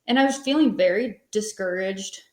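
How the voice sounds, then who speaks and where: A woman in her thirties talks through her story as a podcast guest. She rambles in a relaxed, conversational way and leans on plenty of fillers. Her voice sits at a middling pitch, and the room around her is echoey. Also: moderate pace. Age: 30s. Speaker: podcast guest, small business owner. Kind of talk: casual interview storytelling.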